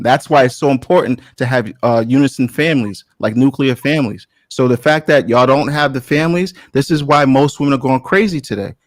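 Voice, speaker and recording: A man's voice: a little high, no room sound. A man arguing bluntly in a heated debate, teasing and repeating his points.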